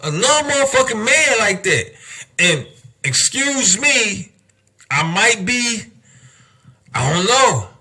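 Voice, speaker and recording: A young adult man hosts a podcast, delivering a heated, emphatic rant packed with cursing and rhetorical questions. His high-pitched voice swings widely in pitch and has a sharp tone with a breathy edge. He speaks slowly and pauses often.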